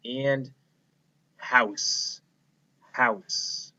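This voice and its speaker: A man's voice: mid-range voice, fairly even intonation, very slow, bright, forceful tone, muffled recording. A man teaching a phonics lesson to young children, patient and encouraging, asking them to repeat words after him. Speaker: kindergarten teacher.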